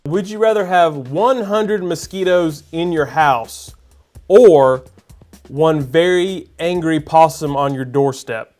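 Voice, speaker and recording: A male host runs through his either-or questions at a quick, upbeat clip. His voice sits a little high. Light music hums faintly underneath. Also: darkish tone. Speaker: show host. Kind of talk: scripted interview questions.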